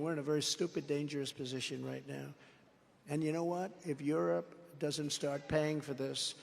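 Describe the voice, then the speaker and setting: A man's voice: a little high, creaky, a little mellow, big-room sound, a little hiss or hum. A man giving an off-the-cuff political rally speech, boastful and repetitive, telling rambling stories in a large indoor venue. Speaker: political speaker.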